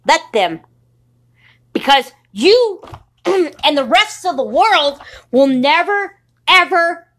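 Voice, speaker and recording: A woman pours out a furious, defiant rant, swearing at every turn and sounding worn from lack of sleep. Her high voice swings widely in pitch, and she takes her time, leaning on each word. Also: a bit bright. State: sleep-deprived. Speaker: podcaster. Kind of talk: angry profane monologue.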